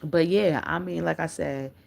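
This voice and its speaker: A woman's voice: low-pitched, steady tone, normal speed, vocal fry. A middle-aged woman chatting on a live stream, blunt and profane, answering her viewers as she tells stories. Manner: blunt, profane, candid storytelling; talks back to viewers' comments. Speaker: livestreamer. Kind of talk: casual live-stream chat.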